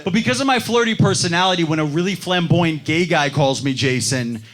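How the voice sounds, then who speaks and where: A man's voice: fairly high pitch, fairly quick. A young man doing a self-deprecating stand-up set on a club stage, acting out other people's voices. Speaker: stand-up comedian. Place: comedy club stage before a live audience. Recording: live club set with loud crowd laughter. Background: audience laughter.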